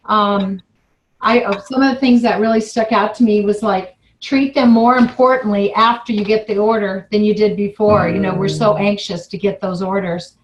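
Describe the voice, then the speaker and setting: A woman hosting a group conference call at a middle pitch. She speaks in a gushing, effusive way as she thanks the guest and sums up her points. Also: steady tone, moderate pace, a little hiss or hum, rough recording. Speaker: call host. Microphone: phone or computer on a conference call.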